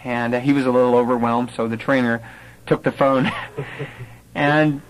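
A man at a mid pitch tells a personal story to a live audience. He speaks in a conversational way with the odd filler. He brings the story to life by acting out the voices of the people in it. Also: normal speed, poor audio. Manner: animated storyteller who acts out quoted voices.

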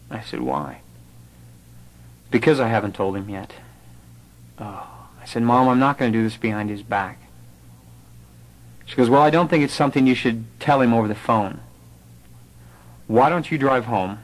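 A man's voice: lowish voice, poor audio. A young man giving an earnest personal testimony, telling his story through remembered conversations. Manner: earnest storytelling, quoting others in dialogue.

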